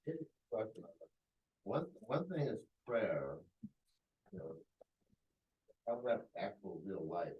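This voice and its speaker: A man's voice: on the low side, very animated, slow pace, long pauses, echoey room. A man in a class audience casually asking a question, stopping and searching for words as he goes. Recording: distant, dull room mic.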